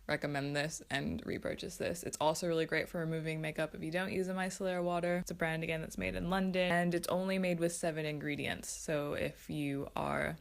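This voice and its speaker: Lowish-voiced woman gushing about skincare faves, chatty and upbeat. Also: flat delivery, brisk, creaky, hardly any pauses. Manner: chatty, enthusiastic, self-aware. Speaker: beauty vlogger. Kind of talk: casual skincare review.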